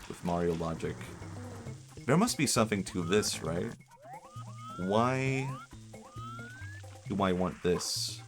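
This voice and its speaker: A man streaming a game, joking and thinking aloud in casual rambling commentary. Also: deep voice. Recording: game music behind. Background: game music.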